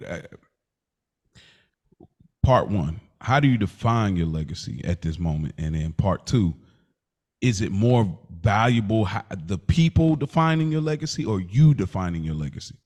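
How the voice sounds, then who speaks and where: A man's voice: on the low side, animated, normal speed, a little mellow. A man co-hosting a casual podcast, telling a personal story with emotion and asking reflective questions. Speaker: podcast co-host.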